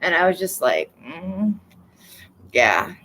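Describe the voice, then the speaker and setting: A woman's voice: lowish voice, big pitch swings, slow pace, fairly bright tone, a little hiss or hum, poor audio. Rambling sleep-deprived woman streamer. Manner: rambling, candid, swears freely, laughs at herself. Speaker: livestream host. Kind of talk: casual livestream chat.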